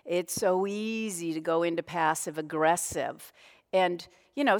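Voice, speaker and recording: Woman pastor preaching in a reverberant hall. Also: medium pitch. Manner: conversational, self-deprecating storytelling. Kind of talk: sermon. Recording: long reverb of a large hall.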